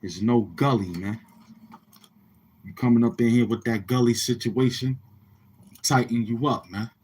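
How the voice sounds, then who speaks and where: A man's voice: medium pitch, unhurried, darkish tone, husky. A man giving rambling, taunting street-talk commentary on his channel, repeating himself in heavy slang. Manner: repetitive, taunting, slangy delivery. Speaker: commentary vlogger.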